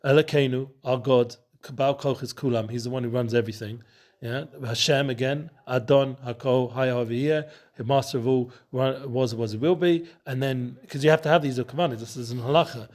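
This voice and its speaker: A man's voice: mid-range voice, steady tone, brisk, a little mellow. A man teaching a Torah study session and hosting the show, talking loosely with many restarts and mixing in Hebrew and Yiddish terms.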